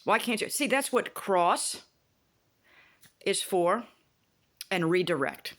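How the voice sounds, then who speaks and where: A woman vlogging in a casual, indignant rant, animated and swearing freely as she retells a TV plot. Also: mid-range voice, slow pace. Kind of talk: casual rant about a TV show.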